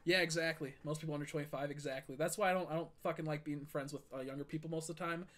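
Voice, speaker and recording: A man's voice: a little high, fairly even intonation, very fast, fairly bright tone. A young man streaming a game, telling a long heated story in a casual, profane rant full of fillers and restarts.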